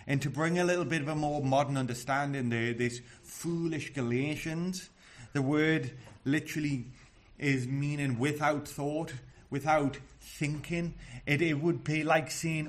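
A man's voice: fairly high pitch, a little slow, fairly bright tone. A man preaching a sermon in an earnest, emphatic way, often restarting his words.

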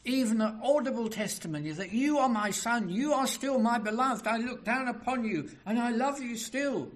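Brief: preacher doing God the Father, old and loving, high and emphatic reassurance. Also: normal speed.

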